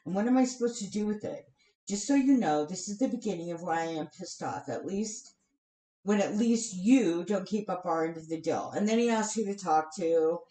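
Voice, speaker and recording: A woman's voice: lowish voice, expressive, moderate pace, warm tone. A woman venting on a live stream, heated and swearing often, with sighs between bursts of anger. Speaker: vlogger. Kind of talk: angry live-stream rant. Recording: roomy echo.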